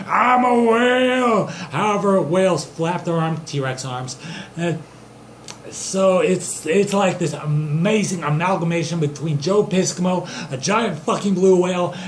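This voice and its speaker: A man's voice: a little high, a little mellow, echoey room, slight background noise. A young man improvising an absurd, profane comedic story, rambling and loosely voicing the characters he quotes.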